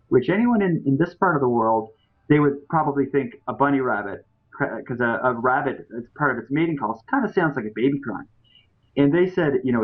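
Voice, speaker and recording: Chatty man on tinny audio. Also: medium pitch. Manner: loose and chatty, with many fillers and restarts. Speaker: podcast host. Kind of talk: casual storytelling.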